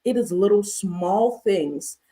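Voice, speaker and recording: Hosting a livestreamed talk on mental health, a therapist from the United States speaks in a medium-pitched, mellow voice, animated but slow. The adult host holds a master's degree and presses her points emphatically with repeated rhetorical questions.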